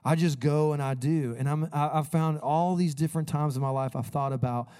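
Animated man preaching with laughing stories. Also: fairly high pitch, brisk, smooth. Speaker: pastor. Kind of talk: sermon with storytelling.

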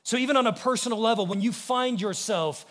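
An American man preaches from the pulpit with a fairly high voice. He speaks earnestly and lets his voice fall soft and low whenever he voices a quotation. The sanctuary gives his words a long, ringing reverb. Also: fairly quick. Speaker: pastor. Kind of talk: sermon. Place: church sanctuary.

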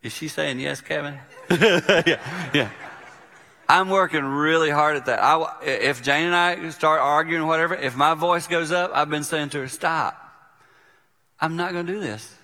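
Bright-voiced pastor in a reverberant hall. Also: male voice, a little high, unhurried. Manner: storytelling, acting out quotes, conversational. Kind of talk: sermon.

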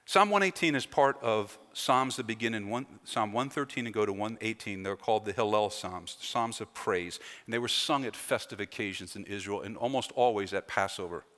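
A man's voice: on the low side, moderate pace, hardly any pauses, fairly bright tone. A man preaching a sermon as a pastor, with an emphatic delivery that rises and falls. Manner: emphatic, rising and falling delivery with repeated phrases. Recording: long hall reverb.

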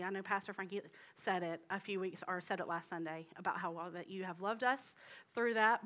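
A young woman giving a heartfelt sermon in a church, earnest and personal, sometimes dropping into soft hushed asides. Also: mid-range voice. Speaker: guest speaker at church. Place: church sanctuary.

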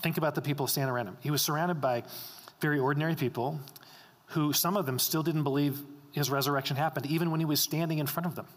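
Male pastor, fairly high voice, emphatic sermon delivery in a long-reverb sanctuary. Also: steady tone, fast talker. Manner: emphatic, repeats key lines for stress.

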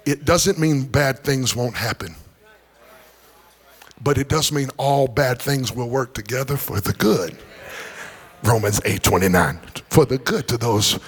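A man's voice: medium pitch, vocal fry, husky. A middle-aged man preaching a sermon in a church, swinging into sing-song rises and joking with the congregation. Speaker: pastor. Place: church sanctuary.

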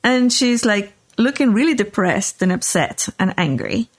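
A woman podcast host telling a story in casual chat, animated, often checking in with "right?". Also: medium pitch, unhurried.

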